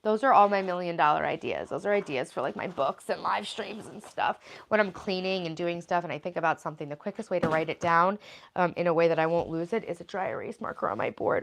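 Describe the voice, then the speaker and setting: A woman's voice: mid-range voice, brisk, gravelly. Chatty woman reading on a livestream. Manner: chatty, rambling asides with fillers. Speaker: livestream host.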